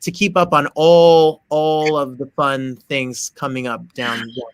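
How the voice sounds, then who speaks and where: A man's voice: a little high, level tone, measured pace, slight background noise. A male interview host, enthusiastic and promotional, often restarting his sentences. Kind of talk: interview hosting, online show.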